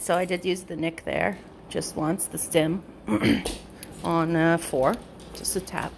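A woman dog trainer explaining a training session in casual narration at home, switching between high bright praise for her dog and low quiet explanation. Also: slow, gravelly, a little hiss or hum. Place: indoors at home with pets.

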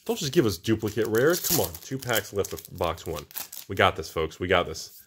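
Lively excited man opening card packs. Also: fairly low pitch, normal speed, a little hiss or hum. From United States. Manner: animated, swings from hushed awe to whooping excitement. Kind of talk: excited box-opening commentary.

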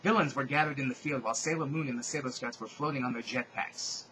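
A man giving a comedic dramatic reading of bad fan fiction, with deadpan asides between exaggerated passages. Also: medium pitch, fast talker, slight background noise, poor audio. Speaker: fanfic reader.

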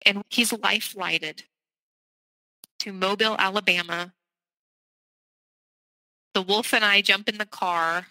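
A woman's voice: medium pitch, fairly even intonation, slow pace, pauses often, bright, forceful tone, no room sound, poor audio. A middle-aged woman from the South, a podcast guest candidly and urgently recounting a personal story. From American South.

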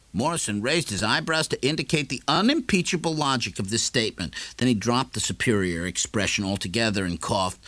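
A man reading a novel aloud in measured, lively storytelling narration. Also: lowish voice, dry recording. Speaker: audiobook narrator. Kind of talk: scripted narration.

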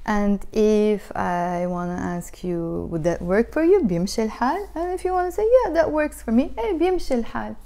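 A woman's voice: on the high side, expressive, quick pace, hardly any pauses, dark tone. A woman teaching a language lesson, patiently repeating phrases for learners.

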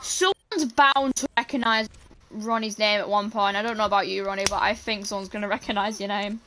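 A woman casually commenting on her own gameplay and talking excitedly to her teammates. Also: medium pitch, fairly quick, a little hiss or hum. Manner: chatty, excitable, talks to teammates while playing. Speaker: gaming channel host.

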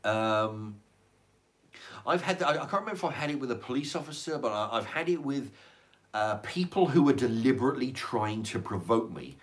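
A man's voice: mid-range voice, animated, moderate pace. An older man, chatting casually on a livestream and reading out viewer comments, rambling, repeating words and swearing. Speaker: livestream host reading chat. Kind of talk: casual chat.

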